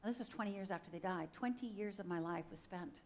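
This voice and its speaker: With a mid-range, darkish voice and a fast delivery, a middle-aged Upper Michigan woman gives her testimony as a guest speaker on a church stage. She tells it dramatically, acting out voices and speaking right to the audience, with slight background noise present.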